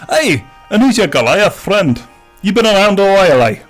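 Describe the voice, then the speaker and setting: A man voicing a gruff middle-aged dwarf artificer who runs a shop, talking in a hearty, chatty manner. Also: high voice, very animated, normal speed, soft background music, voice pushed up. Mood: friendly. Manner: hearty, chatty, says aye a lot.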